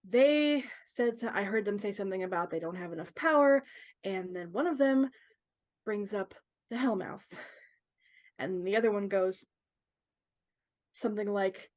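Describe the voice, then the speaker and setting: A woman playing a tabletop game character, talking haltingly and searching for words with many fillers. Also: medium pitch, animated, no echo. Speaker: player. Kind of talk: in-character tabletop role-play.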